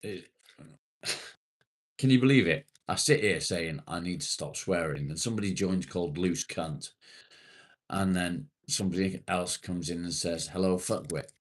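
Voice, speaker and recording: A man's voice: deep voice, steady tone, normal speed. A man hosting a casual live stream, reading viewers' comments aloud, swearing freely and rambling in a self-deprecating way.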